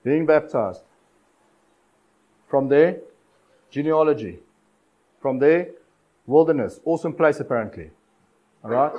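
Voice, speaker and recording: A man preaching a sermon, urging his listeners with repeated phrases and dramatic pauses. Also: a little high, lively intonation, darkish tone, lo-fi sound. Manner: exhortative, repetitive cadence with dramatic pauses.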